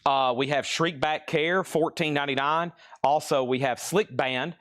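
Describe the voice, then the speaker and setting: A man hosting a live record sale, briskly rattling off titles and prices, and he is out of breath. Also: a little high, steady tone, a bit bright, no echo, clean studio sound. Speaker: host selling vinyl records live. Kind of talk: live auction calling.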